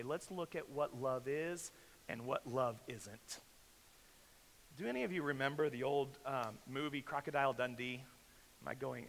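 Bright-voiced preacher in an echoing hall. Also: male voice, mid-range voice, slight background noise. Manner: conversational preaching, slows for emphasis, asks the congregation questions. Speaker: pastor. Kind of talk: sermon. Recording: echo from a large hall.

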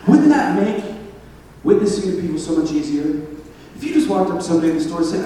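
A man preaching a sermon, telling stories with laughter and animated asides. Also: high voice, fast, a little hiss or hum. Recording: echoey hall from far off.

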